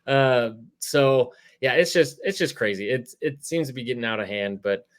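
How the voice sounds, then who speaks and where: A man hosting a casual sports interview podcast, talking in a relaxed, rambling way with lots of fillers. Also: mid-range voice, moderate pace. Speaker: podcast host.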